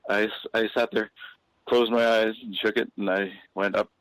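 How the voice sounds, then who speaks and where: In a low, level voice with a slightly bright edge, a male comedian guest rambles through a casual anecdote, circling back, restarting phrases, and filling pauses as he goes. The audio is dry, with no room echo.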